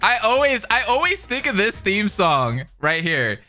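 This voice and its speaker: A man's voice: high voice, very animated, measured pace, sharp tone, soft background music. A man giving casual reaction commentary on a fan game, laughing often and blurting out half-swallowed swears. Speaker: reaction video host.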